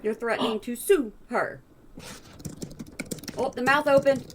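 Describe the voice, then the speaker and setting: A woman's voice: a little high, unhurried, long pauses, noisy background. A woman hosting a reaction channel, talking back to a clip in a blunt, exasperated way. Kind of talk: reaction commentary.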